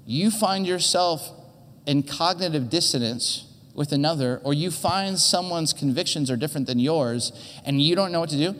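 An earnest male pastor gives a conversational sermon on a church stage, often stumbling and repeating words as he goes. His voice sits a little high. It rings with the long reverb of a large hall. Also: fairly bright tone. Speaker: teaching pastor.

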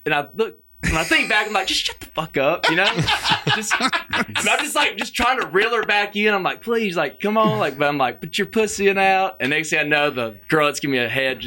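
A man's voice: fairly high pitch, lively intonation, a little fast, bright, forceful tone. A man telling a rambling, laughing story as a guest on a casual podcast, acting out the people he quotes. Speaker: podcast guest, touring musician. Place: podcast studio.

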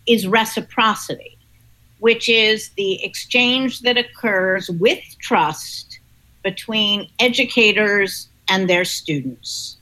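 A woman author answering interview questions in a measured, explanatory way. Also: a little high, sharp tone, rough recording. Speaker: author and guest.

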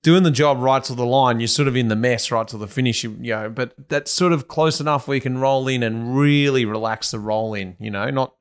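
A man hosting a casual podcast interview, asking loose, relaxed questions with fillers. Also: medium pitch, brisk, few pauses, clean tone. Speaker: podcast host, former pro cyclist.

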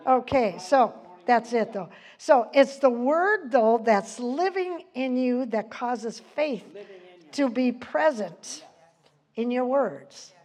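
A woman's voice: fairly high pitch, animated, slow pace, a little mellow. An older woman giving an informal Bible teaching, chatty, quoting scripture and laughing often.

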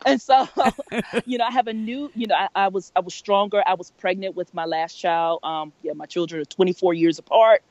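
A woman's voice: mid-range voice, moderate pace, no room sound, highs cut off. Woman telling her story, laughing often. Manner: laughs often, quotes people in lively voices. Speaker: guest. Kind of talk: candid personal storytelling.

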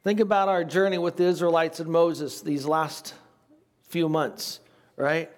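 An older man teaches scripture in a relaxed, conversational way. His voice sits a little higher than most men's. He reads passages aloud and then adds informal asides. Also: measured pace. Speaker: pastor teaching a Bible study. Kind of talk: sermon.

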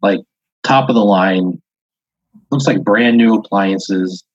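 A man's voice: fairly low pitch, slow pace, husky, no room sound. A man hosting a podcast, telling an improvised second-person story in a rambling way full of "like" and "uh" fillers. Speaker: podcast host. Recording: dull lo-fi audio.

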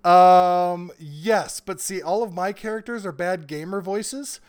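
A man in his forties, an author talking as a guest in a casual interview, animated and quick to laugh. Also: sits high, clean tone. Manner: animated storyteller, bursts of laughter.

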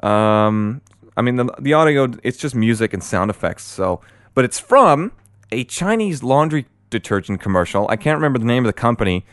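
A young man hosting a solo podcast, rambling and excitable with many fillers, and a bit out of breath. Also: fairly low pitch, no room sound, studio quality. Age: young adult. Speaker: podcast host.

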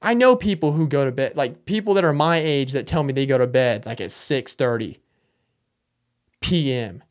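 A man's voice: mid-range voice, animated, fairly quick, hardly any pauses. A young man talks on his own podcast in a loose, meandering way, poking fun at himself. His voice sits in an ordinary middle register. The delivery is casual and unscripted. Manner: joking, rambling, self-mocking. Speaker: podcast host. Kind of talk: casual solo monologue.

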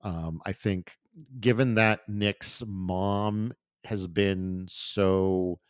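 A man's voice: deep voice, steady tone, drawn-out words, smooth, dry recording, studio quality. A man co-hosting a podcast in casual, joking chat. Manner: joking, loose, swears casually. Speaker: podcast co-host.

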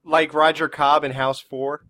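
A man's voice: a little high, little pitch movement, unhurried, pushed and bright. A man co-hosting a casual movie review podcast, sarcastic and profane as he tells stories. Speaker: podcast co-host.

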